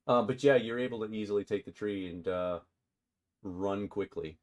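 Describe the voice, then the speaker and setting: Low-voiced laughing game master man. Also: normal speed, darkish tone. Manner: laughs often, loose and chatty. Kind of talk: narrating a tabletop game.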